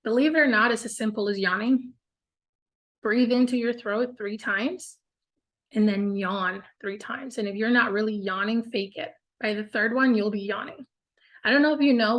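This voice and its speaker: A woman leads a casual group coaching call, upbeat and encouraging, often saying "like" and "y'all". Her voice sits fairly high. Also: normal speed, fairly bright tone.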